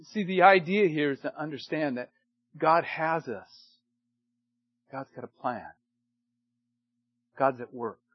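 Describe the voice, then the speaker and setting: Husky high-voiced older male preacher. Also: takes it slowly, long pauses, dry recording, lo-fi sound. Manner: emphatic preaching, swings from loud to hushed. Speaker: pastor. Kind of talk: sermon to men.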